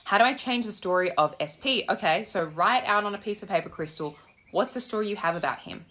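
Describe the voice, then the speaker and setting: A woman's voice: mid-range voice, lively intonation, fairly quick, fairly bright tone. A young woman coaching manifestation in a casual live chat, sassy and blunt, swearing freely as she walks outdoors with her phone in hand. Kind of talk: casual live-stream chat answering comments. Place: outdoors on a walk. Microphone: phone held in hand.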